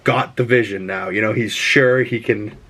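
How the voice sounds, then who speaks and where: A man giving a casual, spoiler-filled movie review, chatty and excitable, swearing freely as he talks. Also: lowish voice, moderate pace.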